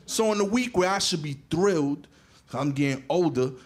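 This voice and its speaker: Profane New stand-up storyteller. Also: male voice, on the high side, moderate pace. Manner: animated, profane, punchy delivery. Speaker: stand-up comedian.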